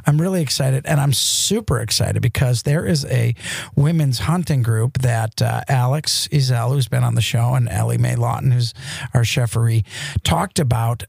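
A middle-aged man hosting a studio talk show, enthusiastic and excitable in casual chat. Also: mid-range voice, normal speed, gravelly, husky, dry recording. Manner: excitable, enthusiastic, talks in bursts. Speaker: radio show host.

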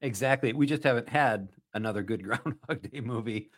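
A man's voice: mid-range voice, moderate pace. A man hosting a casual talk show quiz. He is upbeat, laughs often, and reads the questions with emphasis. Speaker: radio show host.

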